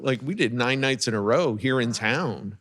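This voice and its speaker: A man chats as a guest musician in a casual group talk. He speaks in an easygoing, amused way at a middle pitch. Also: animated, normal speed, fairly bright tone. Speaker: drummer guest. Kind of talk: casual chat.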